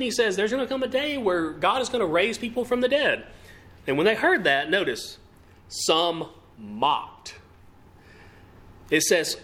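Preaching with emphasis, a man poses rhetorical questions in a delivery that rises and falls. His voice is on the high side, with a fairly bright tone.

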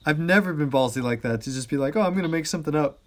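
A man with a slightly high voice hosts a relaxed podcast chat. He laughs easily and tells rambling anecdotes full of restarts. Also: rapid-fire. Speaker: podcast host.

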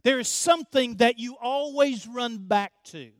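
Slow, high-voiced preaching man. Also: dry recording. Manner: emphatic and repetitive, addressing the congregation directly. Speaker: pastor. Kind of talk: sermon.

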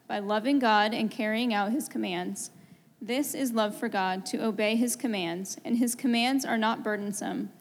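Woman reading scripture in a church. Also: mid-range voice. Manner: steady, measured reading. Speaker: scripture reader. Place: church sanctuary. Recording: reverberant church hall.

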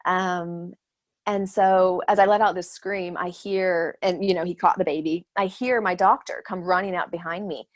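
A woman in her thirties with a slightly low voice tells a personal story as a guest. She talks casually, laughs often and jumps into livelier voices when quoting people. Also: normal speed. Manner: animated, acts out quoted voices, laughs often. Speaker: guest sharing her birth stories.

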